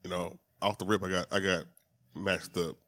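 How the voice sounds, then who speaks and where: A man co-hosting a podcast, bantering in a relaxed, slangy way. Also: sits low, moderate pace, dry recording. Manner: laid-back banter with slang and restarts. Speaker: podcast co-host. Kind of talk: casual podcast chat.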